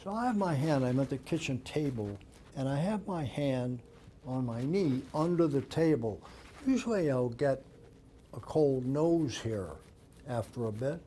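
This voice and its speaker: A man's voice: medium pitch, expressive, a little slow, warm tone, a little hiss or hum. An older man, a dog behavior expert, giving an author talk and telling anecdotes while acting out the dialogue. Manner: anecdotal, acts out quoted dialogue. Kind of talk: storytelling talk.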